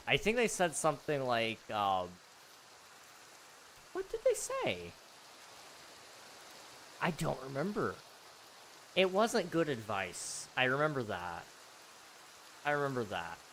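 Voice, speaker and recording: A man's voice: medium pitch, fairly bright tone, slight background noise, rough recording. Rambling, laughing man streamer. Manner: rambling, self-deprecating, laughs often. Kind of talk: casual live stream chat.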